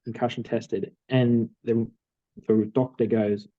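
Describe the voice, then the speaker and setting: A young Australian man co-hosting a podcast, telling stories in a relaxed way with many fillers. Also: medium pitch, moderate pace, no room sound, dull audio. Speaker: podcast co-host. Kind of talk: casual chat.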